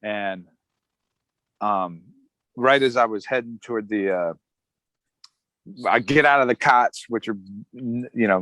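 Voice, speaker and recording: Low-voiced veteran man telling a story. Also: poor audio. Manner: relaxed, chuckling, acts out quotes of others. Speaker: Army Ranger veteran telling his story. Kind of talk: casual storytelling interview.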